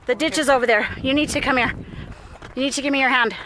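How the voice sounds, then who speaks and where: Young mom vlogger filming a walk, higher-pitched voice, laughing, a little winded, faint outdoor noise behind. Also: female voice, steady tone, quick pace, pushed and bright, rough recording. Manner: chatty, laughing often, cooing at her toddler. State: out of breath from walking. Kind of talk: casual family vlog narration. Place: outdoor nature trail.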